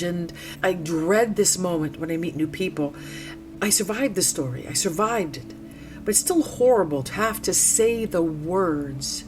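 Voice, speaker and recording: A woman's voice: lowish voice, lively intonation, moderate pace, music in the background. A woman in her sixties, from the United States, telling her own story in an interview in an earnest, emphatic, heartfelt way. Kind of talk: personal testimony in conversation.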